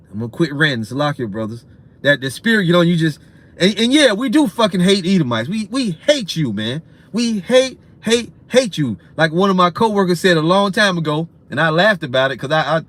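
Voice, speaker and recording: A man with a high voice delivers a ranting sermon. He is profane and repetitive, ends phrases with "man", and lurches between loud bursts and quieter stretches. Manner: profane, repetitive, swings in loudness and speed. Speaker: preacher.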